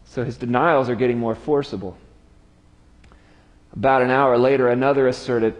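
A man preaching with a storyteller's flair, his mid-pitched voice sinking to near hush for solemn moments. The long reverb of a large hall trails after every phrase. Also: steady tone, normal speed, pauses often. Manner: storytelling, dramatic drops to quiet. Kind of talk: sermon.

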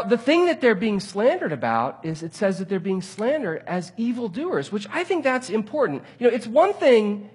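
A male pastor preaching with a slightly husky, fairly high voice. His delivery swings widely in pitch as he tells a funny personal story to the congregation. He acts out his own exasperation along the way. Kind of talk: sermon.

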